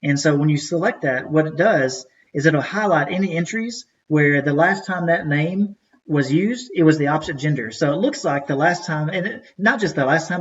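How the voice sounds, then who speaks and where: A man teaching race timing in a casual training webinar, talking conversationally with many fillers and restarts. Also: on the high side. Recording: distant, dull lo-fi webinar audio.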